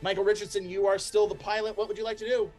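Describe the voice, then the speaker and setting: A male game master narrating a tabletop race, voice sitting a little high. He talks in a relaxed way, filling pauses with ums and laughing often at his players. Soft music plays faintly behind him.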